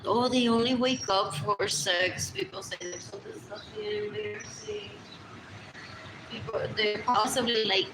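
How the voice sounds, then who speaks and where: Rambling woman with loud birdsong behind. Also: mid-range voice, steady tone, moderate pace, noisy background. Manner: rambling, repeats phrases over and over. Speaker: livestreamer. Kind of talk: rambling live stream monologue. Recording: roomy echo with loud birdsong.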